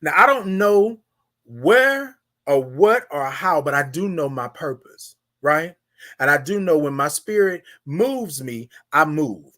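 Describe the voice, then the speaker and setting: A man's voice: a little high, expressive, slow, bright, forceful tone. A man hosting a morning show, giving a motivational talk in a slangy, preachy manner, calling out listeners by name and repeating phrases for emphasis. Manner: preachy, hype, talks straight to listeners by name; slangy, informal.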